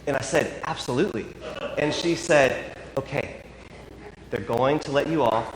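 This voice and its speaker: Wry priest telling a story in echoey church. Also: male voice, mid-range voice, lively intonation, moderate pace, long pauses, very noisy. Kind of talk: sermon story. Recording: echoey church with long reverb.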